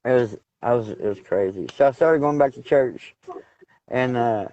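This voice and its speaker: A man telling his personal testimony in a casual, halting way, full of fillers and restarts. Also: mid-range voice, a little mellow, dry recording, lo-fi sound. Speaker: guest sharing testimony.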